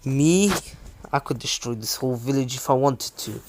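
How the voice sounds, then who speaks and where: A man doing a low, gloating fox spirit. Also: normal speed, darkish tone, close to an everyday voice. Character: ancient fox spirit sealed inside a boy, boastful.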